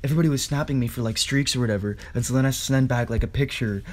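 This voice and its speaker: A young man co-hosting a podcast, telling a story in a casual, animated way with quick asides, laughs and swearing. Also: mid-range voice. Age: young adult. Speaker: podcast co-host.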